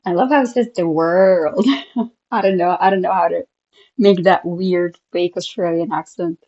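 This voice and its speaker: A woman's voice: on the low side, fairly even intonation, normal speed, darkish tone, muffled recording. A woman, a hypnosis coach, reacting to street hypnosis clips in a chatty way and laughing often. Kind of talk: reaction commentary.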